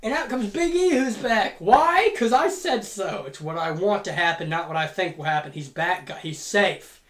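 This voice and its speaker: A woman's voice: mid-range voice, lively intonation, normal speed. A woman telling a playful, profane story in a casual monologue as a podcast host. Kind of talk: casual fantasy-booking monologue. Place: home room. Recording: echoey home room.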